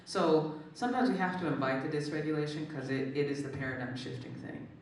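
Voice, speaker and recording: An author and guest speaker in a live onstage conversation, talking expressively and jumping up high when animated. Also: a little fast, a little hiss or hum. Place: large echoing hall at a live event. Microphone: distant from the microphone. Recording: echoey hall from far off.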